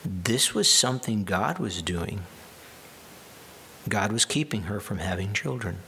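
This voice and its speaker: A man's voice: on the low side, lively intonation, unhurried, bright, forceful tone, a little hiss or hum. A man preaching a sermon in a conversational way, with wry asides and restarts. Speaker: pastor.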